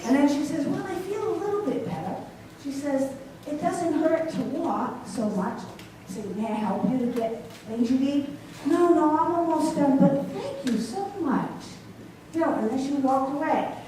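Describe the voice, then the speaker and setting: In a church sanctuary, a woman preaches a sermon, telling stories and putting questions to her congregation. Her high voice is animated and warm at a normal speed, picked up from a distance with echo and a little hiss or hum.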